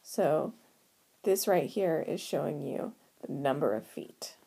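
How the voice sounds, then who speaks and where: A woman's voice: sits low, takes it slowly, vocal fry, dark tone, breathy edge. A woman teaching a recorded whiteboard lesson, explaining patiently step by step.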